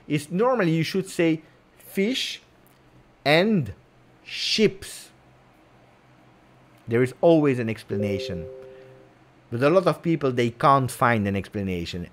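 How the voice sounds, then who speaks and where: Playful man hosting a livestream. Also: a little high. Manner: playful, teasing, repeats words for effect. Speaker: host of a football fan channel. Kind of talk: casual livestream chat.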